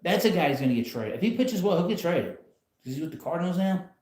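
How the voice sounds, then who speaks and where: A man's voice: sits high, big pitch swings, quick pace, darkish tone, reverberant. A man hosting a casual live stream from home, talking in a rambling, blunt way with frequent chuckles. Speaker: channel host. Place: home, in a rocking chair.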